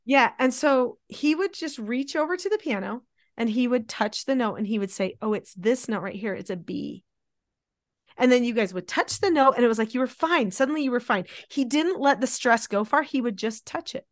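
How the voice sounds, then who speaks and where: Chatty mother, fairly high voice. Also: brisk, no echo, clean studio sound. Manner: chatty, animated, acts out quotes. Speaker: podcast host, mother. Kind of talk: casual conversation.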